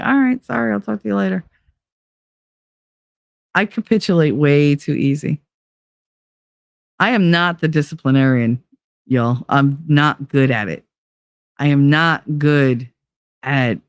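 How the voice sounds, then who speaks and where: A middle-aged woman hosting a live show, chatting casually in a blunt, profane, animated way. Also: deep voice, no room sound, clean studio sound. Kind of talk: casual chat on a live stream.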